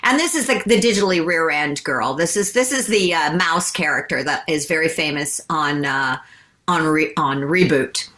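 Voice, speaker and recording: A woman from Canada, a voice actress, chatting in an interview and telling stories with big, animated pitch jumps. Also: normal speed. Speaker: guest, voice actress. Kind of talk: casual interview chat.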